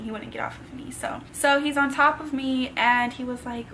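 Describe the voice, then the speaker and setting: Young woman vlogging, high voice, emotional storytelling, bit of background hiss. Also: level tone, a bit bright, low-quality recording. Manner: emotional, fast storytelling with casual slang. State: tearful at times. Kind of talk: storytime vlog.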